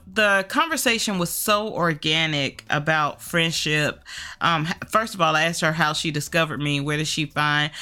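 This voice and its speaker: A woman's voice: on the low side, sharp tone. A woman hosting her own friendship podcast, chatting casually and rambling with self-corrections, a little nasal from allergies. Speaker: podcast host, friendship coach.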